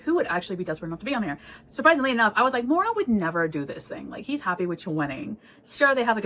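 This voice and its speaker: Woman book vlogger, relaxed, talkative, laughs a lot, mid-range voice, casual swearing. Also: medium pitch, low-quality recording. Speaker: book reviewer.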